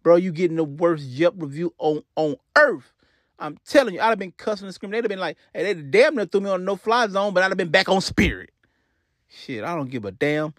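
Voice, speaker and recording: A man's voice: sits high, a little fast, no room sound, clean studio sound. A man hosting a show, ranting in a casual comic way, swearing a lot and repeating himself. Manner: profane, animated, repeats himself. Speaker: podcast host.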